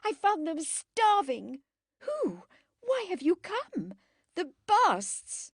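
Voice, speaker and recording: A woman reading an audiobook, voicing an impulsive, furious young woman who shouts in sharp high bursts. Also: a little slow, no echo, studio quality, close to an everyday voice. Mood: frantic, indignant. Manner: shrill, shouting.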